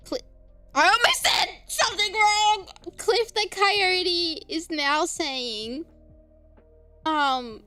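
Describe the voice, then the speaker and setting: A woman's voice: high voice, sharp tone. A young Australian woman streamer chatting casually, giggling often and breaking into squealing laughter. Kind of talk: casual live-stream chat.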